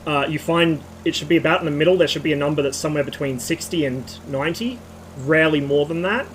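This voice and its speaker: A slightly hoarse man streaming, giving a rambling technical rant with casual swearing. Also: on the high side, fast, a little hiss or hum, low-quality recording.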